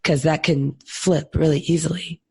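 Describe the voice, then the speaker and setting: A woman co-hosts a podcast while sick, and her voice is hoarse. It comes out raspy and full of fry. She talks in a reflective way, recorded dry and close. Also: deep voice, fairly even intonation, moderate pace, dry recording. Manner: reflective, self-deprecating. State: hoarse from illness. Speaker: podcast co-host. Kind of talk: casual chat.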